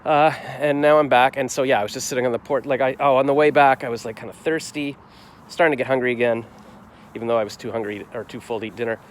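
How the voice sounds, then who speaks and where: Talking fast with a medium pitch and fairly even intonation, a forties-aged vlogger ramblingly reflects on his day in a casual recap. Fillers and restarts abound, and faint street noise is heard outdoors.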